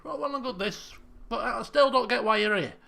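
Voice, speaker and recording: A man's voice: very high voice, brisk, creaky, bright, forceful tone. A man playing through a video game, joking and rambling with stammered restarts as he reads dialogue aloud. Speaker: let's play commentator. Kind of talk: casual game commentary and reading dialogue.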